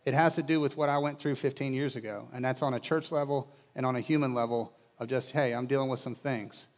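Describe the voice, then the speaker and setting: A man's voice: medium pitch, fairly even intonation, fast talker. A male pastor preaching to a congregation in a conversational way, with casual asides and humor. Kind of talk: sermon. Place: church in front of a congregation.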